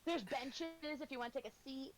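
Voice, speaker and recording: A woman game master describing a carnival scene in a tabletop game. Her fairly high voice halts often and slips into giggles, with a faint hiss under it. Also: normal speed, rough recording. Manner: hesitant, many fillers and restarts, giggly.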